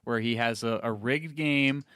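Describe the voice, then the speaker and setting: A man's voice: mid-range voice, measured pace, fairly bright tone, clean tone, dry recording. A man co-hosting a podcast, recapping a film in casual chat, hesitant and full of fillers, with dry sarcastic asides. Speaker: podcast co-host.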